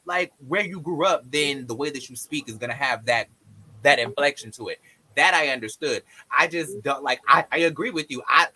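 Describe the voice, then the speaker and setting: Bright, emphatic male podcast host. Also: medium pitch, low-quality recording. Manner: emphatic and animated, quick asides. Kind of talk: casual group chat.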